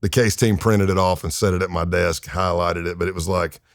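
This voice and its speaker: A man's voice: deep voice, brisk, no echo, clean studio sound. A man in his fifties, a retired undercover agent, telling his story casually as a podcast guest, with lots of fillers. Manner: animated, acts out quoted voices, many fillers.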